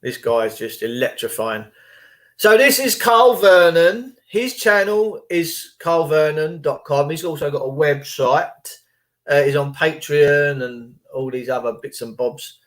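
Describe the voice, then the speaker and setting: A man talks casually to his viewers, rambling and retelling phone calls in reported speech. His voice sits a little high for a man. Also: animated, a little slow, a bit bright. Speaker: channel host. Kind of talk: casual chat.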